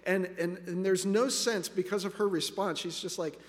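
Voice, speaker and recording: High-voiced preacher with long hall reverb. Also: male voice, steady tone, moderate pace. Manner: earnest, reflective, addresses listeners as friends. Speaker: pastor. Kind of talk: sermon.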